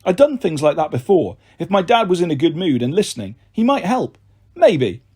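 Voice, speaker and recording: Expressive male audiobook narrator. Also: a little high, normal speed, slightly rough. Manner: lively, expressive first-person narration. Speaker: storyteller.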